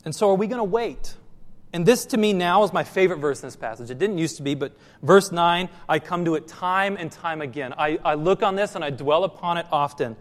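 A man's voice: a little high, a little fast, in a large hall. A man preaching a sermon as pastor, asking the congregation questions and repeating phrases for emphasis.

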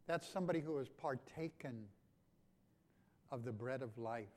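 Preacher swinging from hushed to loud. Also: male voice, mid-range voice, normal speed. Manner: swings from hushed to loud and emphatic, with repeated phrases. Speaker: pastor. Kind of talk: sermon.

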